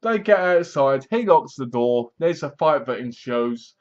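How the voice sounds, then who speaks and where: A man casually recapping a horror film, animated, acting out the characters' lines and laughing at his own jokes. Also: mid-range voice, unhurried, lo-fi sound. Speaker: movie reviewer.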